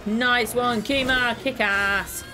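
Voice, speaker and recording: A young adult woman hosting a casual reaction video, who rambles and repeats herself, then breaks into excited exclamations. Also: on the high side, takes it slowly, over music. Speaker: YouTube reaction host.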